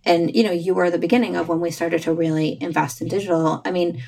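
A woman's voice: lowish voice, fairly even intonation, fast talker, creaky, a little mellow. A middle-aged woman hosting a casual podcast interview, chatty and agreeable with frequent asides. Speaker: podcast host.

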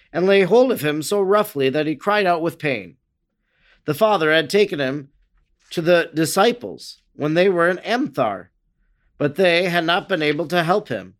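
Guy reading a bible-story type narration, slightly high voice, steady and earnest. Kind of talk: scripted narration of a religious text.

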